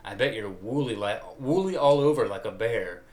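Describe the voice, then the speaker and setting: A man voicing a coy, sighing, secretive man with a theatrical, hushed way of speaking. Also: on the low side, lively intonation, moderate pace, lightly acted. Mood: sultry.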